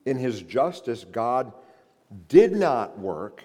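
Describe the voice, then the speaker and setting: A male pastor preaching a sermon, building to loud, emphatic outbursts and then easing back into a steadier explaining voice. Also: medium pitch, very animated, takes it slowly. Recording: reverberant hall.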